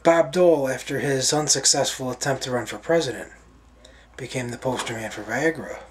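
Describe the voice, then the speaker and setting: A man casually telling jokes in an unhurried way. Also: mid-range voice, slight background noise. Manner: unhurried, with fillers and restarts. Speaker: joke teller.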